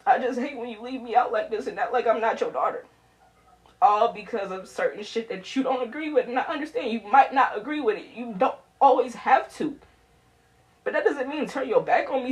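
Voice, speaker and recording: A woman's voice: on the high side, animated, normal speed, pauses often. A woman recording an emotional, pleading video message to her mother on a phone, often repeating herself. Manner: pleading, repeats herself, swings between soft and loud.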